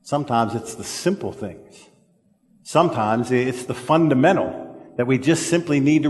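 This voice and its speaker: A male preacher delivers a sermon in a church sanctuary, his mid-pitched voice trailing off into the long reverb of the room. He speaks earnestly with many small fillers and stumbles, and he slows right down to lean on the words that matter. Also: darkish tone. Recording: echoey church hall.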